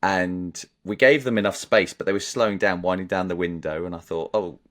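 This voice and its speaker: An English man with a low, deep voice chats casually as a podcast co-host. He tells anecdotes in a rambling way and laughs often. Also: steady tone, brisk, a bit bright. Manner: chatty storyteller, laughs often. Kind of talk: casual chat.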